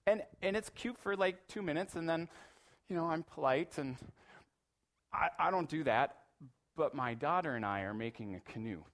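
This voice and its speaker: A middle-aged man giving a sermon with a slightly raised voice. His delivery is animated and playful, and he slips into acted-out voices for his asides. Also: fairly high pitch, moderate pace. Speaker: pastor.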